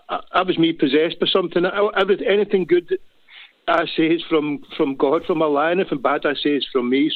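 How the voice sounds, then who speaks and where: A Scottish man with a Glaswegian accent phones into a talk show, earnest and emotional, rambling and restarting often. His voice is fairly high, and the tinny phone line is dry with no room sound.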